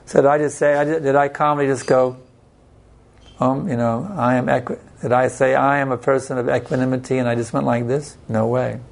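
A man teaching a devotional scripture class in an unhurried, plain-spoken way, telling personal stories. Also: medium pitch, fairly even intonation, creaky.

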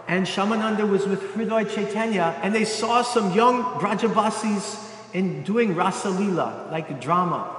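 High-voiced man telling a sermon story. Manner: animated storyteller, acting out quotes. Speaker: preacher. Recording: echoey hall.

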